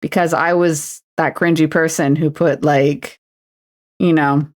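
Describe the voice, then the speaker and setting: A young Canadian woman chats easily with her stream audience while she paints a model. Her voice sits a little low, and she takes her time with each phrase, teasing herself as she goes. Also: fairly even intonation, unhurried, a little mellow. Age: 20s. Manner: playful and self-mocking, slips into announcer voices. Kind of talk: casual livestream chat while painting a miniature.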